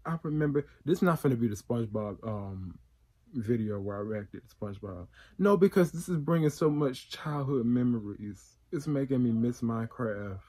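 A man hosting a casual reaction video, his voice slightly husky and breathy at a middle pitch. He talks in an excitable, emotional way, full of slang and quick asides.

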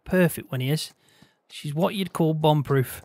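A man hosting a farming-game roleplay, laughing easily and gently coaxing a horse. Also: fairly high pitch, a little slow, dry recording. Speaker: roleplay gamer and host.

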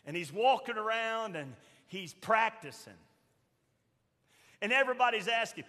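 High, bright-voiced preaching man in a reverberant church. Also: lively intonation, normal speed. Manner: emphatic preaching, swings from loud shouts to soft quoted asides. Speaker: pastor. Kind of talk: sermon. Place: church sanctuary.

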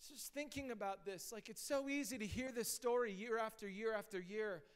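A man preaching a sermon as pastor, talking casually and rising to shouted emphasis, recorded live in a church. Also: sits high, moderate pace, clear, resonant tone. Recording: live church hall reverb.

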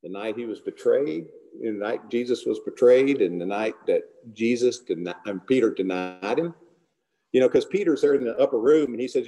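A man's voice: medium pitch, fairly quick, mellow. A man leading an informal Bible fellowship, retelling scripture conversationally and acting out the dialogue. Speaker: Bible study teacher.

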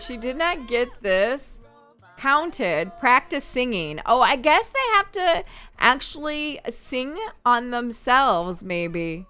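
Woman gaming host, casual play-by-play, slightly high voice, crisp and clear. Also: pushed and bright. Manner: chatty, exclaiming at on-screen events. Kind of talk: casual gameplay commentary.

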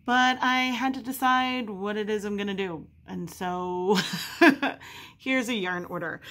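A woman's voice: medium pitch, a bit bright. Chatty woman vlogging candidly. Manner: chatty, candid, frequently laughing. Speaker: yarn dyer and vlogger. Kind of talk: casual vlog. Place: home studio and garage.

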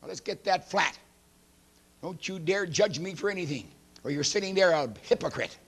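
A man in his seventies, a pastor preaching a sermon emphatically and clearing his throat often. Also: high-pitched, animated, moderate pace, fairly bright tone. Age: 70s.

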